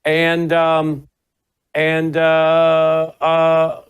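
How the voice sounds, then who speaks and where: A man's voice: fairly high pitch, completely flat delivery, very slow, smooth. A man hosting a talk show, chatting casually and telling rambling, self-deprecating stories. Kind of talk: casual chat.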